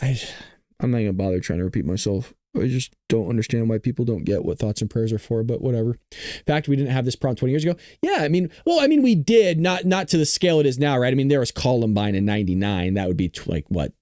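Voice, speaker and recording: A man hosting a live-stream political commentary show, chatty and reacting to his chat, hoarse from losing his voice. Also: medium pitch, darkish tone, no room sound, clean studio sound.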